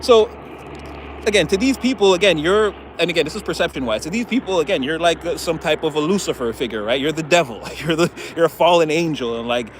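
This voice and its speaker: A male tarot reader talks through his cards in a loose, rambling way and laughs often. His voice sits slightly high, with a faint background hum. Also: expressive, fast talker. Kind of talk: casual tarot reading.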